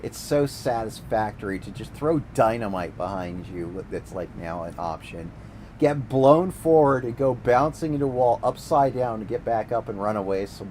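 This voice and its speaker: A man's voice: medium pitch, darkish tone, slight background noise, low-quality recording. A man streaming a game, ranting casually and sarcastically with plenty of swearing. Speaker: gaming streamer. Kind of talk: casual ranting commentary while gaming.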